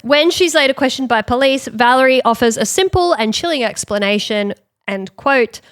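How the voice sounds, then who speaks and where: A woman's voice: high-pitched, normal speed, no echo, studio quality. A woman co-hosting a podcast, telling a true-crime story in a casual, chatty way. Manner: narrates the story, laughs often. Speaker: podcast co-host.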